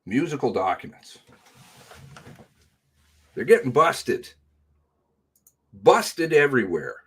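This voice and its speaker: Man, husky, unhurried, sarcastic news commentary. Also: medium pitch, very animated. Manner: sarcastic asides. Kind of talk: reading and commenting on news reports.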